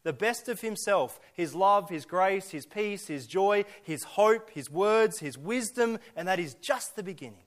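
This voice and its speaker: A pastor preaching a sermon, earnest, with slow emphatic lists and rhetorical questions. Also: male voice, high voice, lively intonation.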